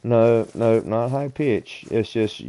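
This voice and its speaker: A man's voice: mid-range voice, mellow. A man streaming a hunting game, casually chatting and walking other players through where to go. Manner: unhurried, explains directions to other players. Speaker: gaming streamer. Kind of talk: casual gameplay chat.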